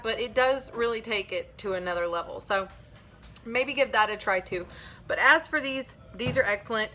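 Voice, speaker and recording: A woman's voice: fairly high pitch, sharp tone, a little hiss or hum. A woman chatting casually to her viewers in a home kitchen cooking vlog, upbeat and talking to them directly. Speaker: vlogger.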